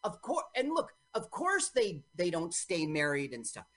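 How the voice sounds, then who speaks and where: A woman co-hosting a radio show, bantering playfully about a movie, jokey and quick to interrupt. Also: fairly low pitch, big pitch swings. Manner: joking, quick to interrupt and argue. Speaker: radio co-host. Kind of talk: casual banter while watching a movie. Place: radio studio.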